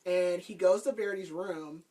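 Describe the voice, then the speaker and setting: A woman's voice: on the low side, normal speed, warm tone. A woman podcast host casually recapping a book's plot, chatty and laughing, with lots of "like". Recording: voice a bit far from the mic.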